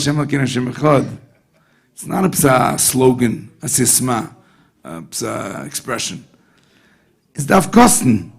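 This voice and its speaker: A rabbi holding a gathering's attention with a lively tale, his fairly high voice rough with a gravelly edge. He talks like a friend across the table, slipping in Yiddish words and asking his listeners whether they follow. The tone is husky rather than clean. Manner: animated storyteller sprinkling Yiddish and Hebrew words; conversational, often asks the audience "you know what I mean?". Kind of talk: storytelling talk at a Hasidic gathering.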